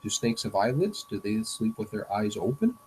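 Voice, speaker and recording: A man voicing an excitable, curious young cartoon boy who fires off eager questions. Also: lowish voice, slight background noise, low-quality recording. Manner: eager, rapid-fire questions.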